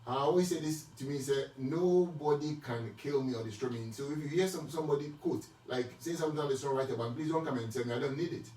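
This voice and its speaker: A man's voice: medium pitch, fast, hardly any pauses, warm tone. Man with a Ghanaian accent in an echoey room. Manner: switches between Twi and English, with many restarts and repeated words. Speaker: speaker answering marriage questions. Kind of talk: casual Christian teaching talk. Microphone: distant from the mic. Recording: echoey room, speaker far from the mic.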